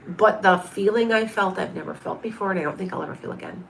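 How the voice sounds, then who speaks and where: A woman's voice: mid-range voice, fast, gravelly, hardly any pauses, slight background noise. A woman in her fifties, a medium hosting a livestream, chatting casually through viewer questions with lots of restarts and asides. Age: 50s.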